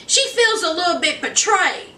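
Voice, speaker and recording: Sassy lady gossiping thru a tv recap, calls you honey, high voice, echoey room kinda far from the mic. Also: big pitch swings, normal speed, bright, forceful tone. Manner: chatty, sassy, calls the listener honey and girl. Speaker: reality TV recap host. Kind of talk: casual gossipy episode recap. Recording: roomy sound, voice from a distance.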